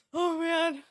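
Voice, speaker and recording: A woman's voice: very high voice, no echo. Giggly woman streamer reading aloud, dry. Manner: giggly, breaks off reading to react to chat. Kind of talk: live-stream reading of fan fiction aloud. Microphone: desk microphone.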